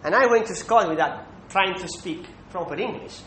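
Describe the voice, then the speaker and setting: High-voiced man preaching in an echoey room. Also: fairly quick, fairly bright tone. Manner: emphatic, with rhetorical "Hmm?" checks. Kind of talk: sermon. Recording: echoey room with faint rumble.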